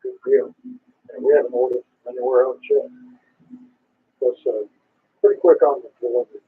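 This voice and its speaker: A man chats easily as he checks in to an amateur radio net. His voice is very raspy and rough. The transmission sounds thin and narrow, as if heard over a phone. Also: medium pitch, normal speed. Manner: relaxed, conversational. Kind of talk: ham radio net chat.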